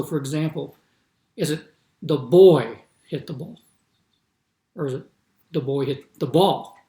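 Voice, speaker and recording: A man's voice: on the high side, a little mellow, echoey room. A man giving a recorded course lecture, explaining patiently and repeating his examples with shifting stress. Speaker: instructor.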